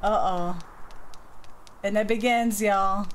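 A woman's voice: mid-range voice, steady tone, slow, slight background noise. A woman streaming a game from home, chatting casually with her viewers and her cat as she plays. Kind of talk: casual gameplay commentary.

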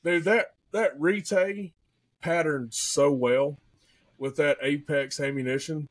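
Guy on a podcast, fired up, tells it big, kinda high voice. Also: slow pace. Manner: excitable, animated, peppers speech with "man" and "dude". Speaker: podcast guest, hunter. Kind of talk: casual storytelling.

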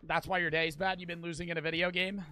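A man's voice: a little high, flat delivery, fast talker, pushed and bright, faint music behind. A man live-streaming a game, chatting with his viewers in a profane, ranting way. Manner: profane, ranting, talks to chat. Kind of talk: casual gaming stream chat.

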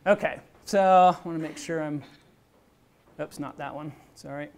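Speaking at a normal pace with vocal fry and a voice on the high side, a middle-aged man delivers a university physics lecture with a live demonstration in a lecture hall. He works through the material step by step, conversationally, dropping in small asides.

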